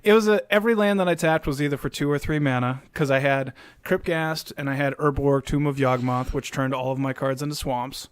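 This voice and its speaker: A man's voice: mid-range voice, fairly quick, clear, resonant tone, no room sound. A man co-hosting a podcast, talking casually and walking through game plays step by step. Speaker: podcast co-host. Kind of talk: casual chat.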